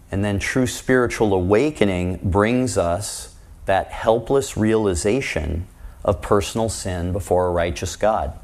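A man preaching a sermon in a conversational way, asking his listeners rhetorical questions and acting out the voices he quotes. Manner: acts out quoted voices with shifts in pitch and loudness.

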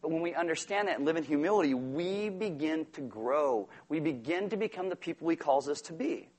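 A man's voice: a little high, animated, fairly quick, darkish tone, husky. A man preaching a sermon, acting out quotes and toddler tantrums with big swings in volume. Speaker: pastor.

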